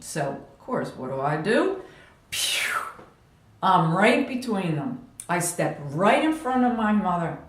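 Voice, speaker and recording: Woman telling a story in an echoey room. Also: sits low. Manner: animated, vivid retelling with sound effects. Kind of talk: personal storytelling vlog.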